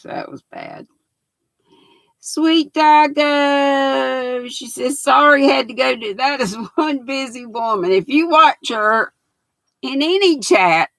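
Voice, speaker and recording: A woman's voice: fairly high pitch, a bit bright, dry recording, poor audio. An older woman, hosting a livestream in a folksy, chatty way, reading out comments from her viewers. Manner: folksy, chatty, laughs often. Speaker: livestream host.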